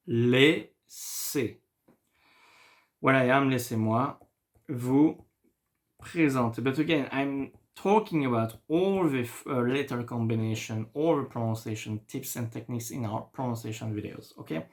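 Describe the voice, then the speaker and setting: A man with a French accent, a native French speaker, teaching a beginner French lesson online and talking patiently while he writes. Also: mid-range voice. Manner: slow, patient, thinking aloud while writing.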